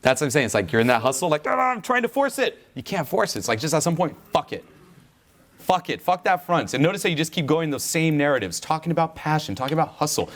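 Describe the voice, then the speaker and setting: A man's voice: a little high, lively intonation, quick pace. A man coaching someone through a speech, blunt, pushy and full of swearing. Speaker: speaking coach. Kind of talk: live coaching session.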